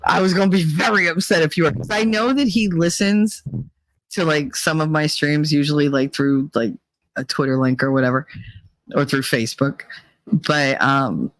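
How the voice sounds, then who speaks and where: A woman's voice: sits low, moderate pace, no room sound. A middle-aged woman hosting a livestream, chatting casually with viewers, often laughing and teasing. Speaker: livestream host. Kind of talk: casual chat with live chat.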